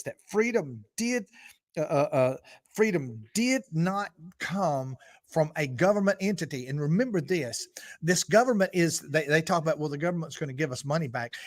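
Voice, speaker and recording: A man speaks in an unscripted political monologue, punching his key points louder between stretches of ums and restarts. His voice sits somewhat high for a man. The sound is dry and close, with no room echo. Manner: emphatic, many fillers and restarts, swells in volume on key points. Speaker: preacher giving political commentary.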